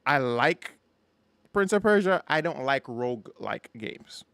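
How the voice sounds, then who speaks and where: A man hosting a casual gaming podcast, talking in an animated, rambling way with frequent restarts. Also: medium pitch, measured pace, creaky, clean tone, dry recording. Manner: animated, rambling, stumbles and repeats words. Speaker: podcast host. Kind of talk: casual chat.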